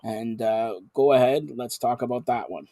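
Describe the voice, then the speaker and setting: A man's voice: mid-range voice, normal speed, dark tone, no echo, clean studio sound. A man hosting a live sports talk show, chatty and rambling like an announcer.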